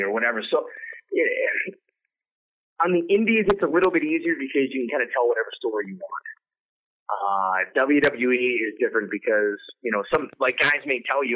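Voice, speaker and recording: A man's voice: mid-range voice, expressive, a little fast. A man talking casually as an interview guest, rambling with restarts and acting out quoted lines in a raised voice. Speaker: guest, wrestling commentator. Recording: tinny phone-like line.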